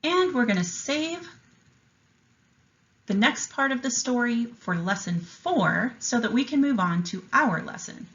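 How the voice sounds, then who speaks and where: A woman teacher reading a picture book aloud with an expressive, enthusiastic delivery and explaining a writing lesson to young students. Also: fairly high pitch, lo-fi sound.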